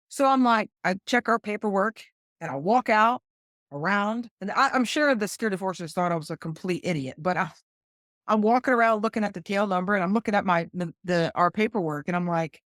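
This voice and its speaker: A woman's voice: mid-range voice, brisk, a bit bright, dry recording, studio quality. A middle-aged woman from West Virginia, a podcast guest telling an earnest personal story and acting out remembered dialogue. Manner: earnest, acts out her past dialogue. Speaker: guest, retired flight nurse.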